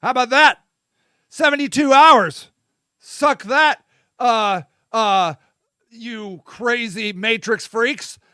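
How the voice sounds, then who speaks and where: Host, male, very high bright voice, dry close sound, loose irreverent riffing with shouted bursts. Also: slow, clean tone, dry recording. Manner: vamping, talks to his audience. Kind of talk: casual solo monologue.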